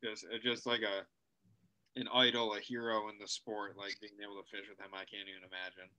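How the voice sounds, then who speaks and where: Podcast host guy, bright forward voice, easygoing questions. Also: lowish voice, flat delivery, fairly quick, highs cut off. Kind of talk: casual interview chat.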